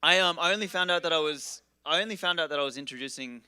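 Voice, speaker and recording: A man's voice: fairly high pitch, fast, sharp tone, clean tone. A man introducing the next speaker at a conference in a casual, irreverent and profane joking manner. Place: conference stage.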